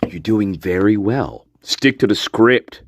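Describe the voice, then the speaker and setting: A man's voice: lowish voice, expressive, slow, a little hiss or hum. A man hosting a casual true-crime commentary video, blunt and mocking, swearing freely and chuckling between remarks.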